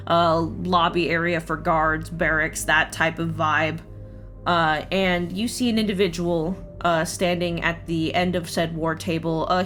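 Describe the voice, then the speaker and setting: A woman's voice: on the low side, a bit bright. A woman narrating a tabletop game as game master, describing scenes in a casual, filler-heavy way.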